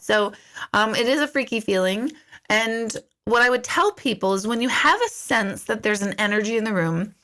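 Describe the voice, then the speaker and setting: Chatty woman hosting a live Q&A. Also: fairly high pitch. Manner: chatty, storytelling, quotes herself in lively asides. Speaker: intuitive medium answering viewer questions. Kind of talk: casual live-stream Q&A.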